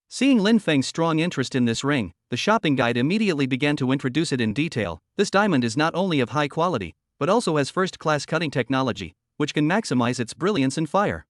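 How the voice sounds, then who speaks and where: A man narrating a romance web novel as a storyteller, reading in an even, steady way. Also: a little high, quick pace, hardly any pauses, no room sound, studio quality.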